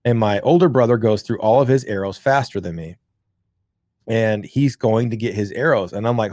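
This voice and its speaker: A man co-hosting a podcast, telling a childhood story in a rambling, profane, animated way. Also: on the low side, moderate pace, dry recording, clean studio sound. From rural. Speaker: podcast co-host. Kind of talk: casual storytelling chat.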